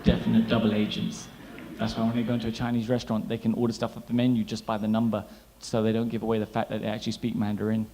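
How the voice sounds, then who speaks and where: Quick-talking man doing stand-up in a hall. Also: lowish voice, a little hiss or hum. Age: 30s. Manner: chatty, animated, teasing the crowd. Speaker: stand-up comedian. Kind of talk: stand-up comedy set. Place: large hall at a gala dinner. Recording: long hall reverb.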